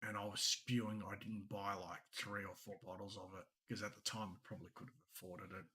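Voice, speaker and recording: A man's voice: on the low side, level tone, a little fast, sharp tone. Rambling Australian man, casual chat. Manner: rambling storyteller, laughs often. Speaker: podcast co-host.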